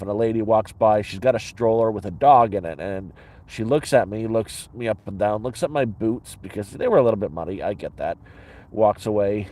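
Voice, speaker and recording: A man's voice: lowish voice, darkish tone. Blunt, rambling man telling a story. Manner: blunt and profane, with many restarts. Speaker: vlogger. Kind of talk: casual rambling storytelling to camera. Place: inside a sleeping bag in the cold.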